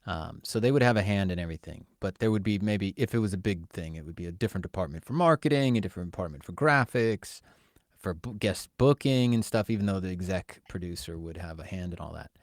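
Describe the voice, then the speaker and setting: Low-voiced joking storyteller man. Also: animated, quick pace, no echo, clean studio sound. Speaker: podcast co-host and producer. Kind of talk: casual podcast chat.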